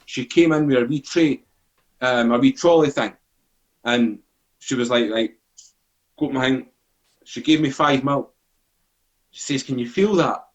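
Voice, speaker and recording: Here the Scotsman, in his forties, is unhurried and leaves long pauses, his mid-range voice heard with the highs cut off. As a podcast guest he spins a casual, swearing story, acting out people's lines with animation.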